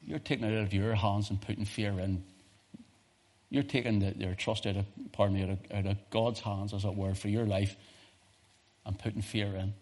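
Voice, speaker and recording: A middle-aged man with a Northern Irish accent, a pastor preaching a sermon through animated, humorous storytelling. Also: lowish voice, moderate pace.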